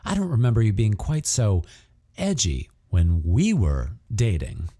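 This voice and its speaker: Male narrator voicing a blunt teasing Australian woman, mellow tone, lively delivery, audiobook role. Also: lowish voice, unhurried. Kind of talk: audiobook character voice.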